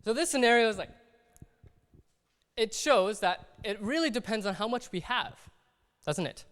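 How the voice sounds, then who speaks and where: A man's voice: high voice, fairly bright tone. A man preaching a sermon in a conversational way, acting out little everyday scenes as he talks. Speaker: pastor. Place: church hall. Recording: long hall reverb.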